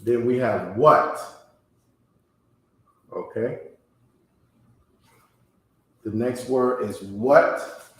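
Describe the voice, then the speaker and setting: Male teacher, mid pitch, unhurried delivery that keeps asking "okay?", very echoey room. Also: a bit bright. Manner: slow, repeats "okay?" after nearly every phrase. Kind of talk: classroom language lesson.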